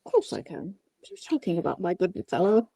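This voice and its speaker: A woman's voice: on the low side, huge pitch swings, fast talker, vocal fry, warm tone, no echo, exaggerated voice. A woman voicing a purple monster puppet in a halfway British, halfway Cockney voice that sounds like a grandmother. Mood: prim. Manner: prim, old-fashioned phrasing.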